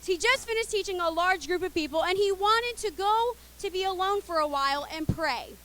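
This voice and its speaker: A young woman teaching children, telling a Bible story in a playful, expressive way and getting the kids to call out and join in. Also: very high-pitched, moderate pace, slight background noise.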